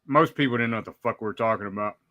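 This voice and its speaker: A man's voice: on the low side, rapid-fire, lo-fi sound. A man chatting as a guest on a watch party stream, blunt and heavily profane. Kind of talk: casual chat.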